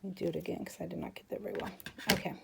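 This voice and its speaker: Low, gravelly-voiced woman crafter. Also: very animated, racing, a bit bright, a little hiss or hum. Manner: chatty, talks to viewers while working. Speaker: crafting channel host. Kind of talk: casual craft tutorial narration.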